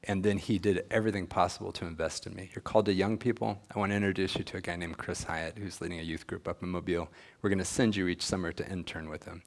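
Speaking fast with a low voice and fairly even intonation, a middle-aged man shares an earnest testimony at a church gathering. As he tells the story, he performs the conversations he recalls.

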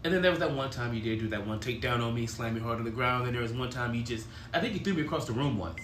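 A man's voice: mid-range voice, animated, rapid-fire, fairly bright tone, slight background noise. A man in his forties hosting a podcast, chatting casually and rambling through stories, often laughing as he talks. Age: 40s. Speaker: podcast host. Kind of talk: casual chat. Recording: echoey room.

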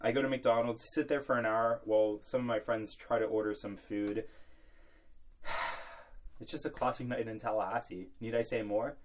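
A man's voice: mid-range voice, fairly even intonation, moderate pace. A young man co-hosting a college podcast, telling rambling, joking stories before turning to sports. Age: young adult. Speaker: podcast co-host. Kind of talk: casual college sports chat.

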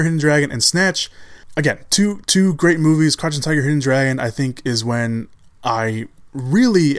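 A man with a mid-range voice hosts a solo film podcast in loose, casual chat. He rambles, circles back and restarts his sentences, warmed by an easy enthusiasm and the odd laugh. The sound is dry and close, with no room around it. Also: medium pitch, no echo. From Chicago area, USA. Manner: rambling, many restarts and fillers; enthusiastic about films, laughs often. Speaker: podcast host.

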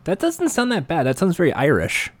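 A man from California with a somewhat high voice that bounces around a lot as he jokes through casual podcast chat. His voice is dry and close, with no room around it, and he leans on fillers like "like" and "uh". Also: huge pitch swings, a little fast, no echo. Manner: playful, joking, filler-heavy. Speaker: podcast co-host.

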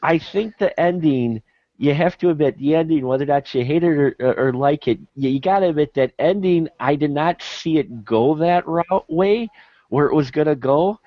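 A man's voice: fairly high pitch, normal speed, no echo. A man hosting a casual movie discussion podcast, laughing often and putting questions to the others. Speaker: podcast host. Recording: muffled, dry podcast audio.

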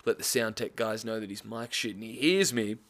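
A man's voice: lowish voice, fairly quick, a bit bright. Swearing young Australian man. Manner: profane, rambling, laughs through his story. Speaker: storyteller. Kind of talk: casual anecdote.

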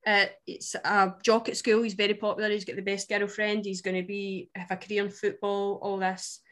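A Scottish woman from Scotland co-hosting a book podcast, chatting in a wry, animated way. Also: medium pitch, moderate pace. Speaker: podcast co-host. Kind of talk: casual chat.

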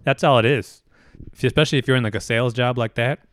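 A man's voice: medium pitch, steady tone, fast, fairly bright tone. A man in casual chat, laid-back and musing, loose with his fillers.

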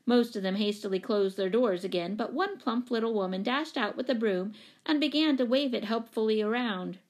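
A woman narrating a children's storybook with a lively, expressive reading. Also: a little high, moderate pace. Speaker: audiobook narrator.

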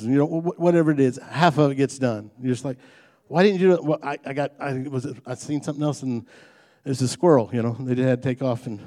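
With a warm, mid-range voice, a man preaches in a folksy, conversational style. Light humor gives way to rising emphasis on his key points, like a pastor speaking directly to his congregation.

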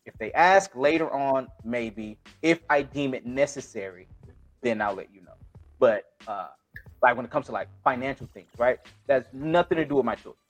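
A man's voice: mid-range voice, moderate pace, faint music behind. A man co-hosting a casual podcast discussion, talking bluntly and profanely, with frequent restarts. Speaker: podcast co-host.

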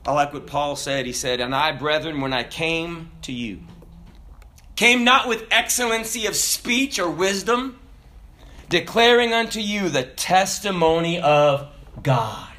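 A man preaching a sermon, emphatic and animated, with dramatic pauses. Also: on the high side.

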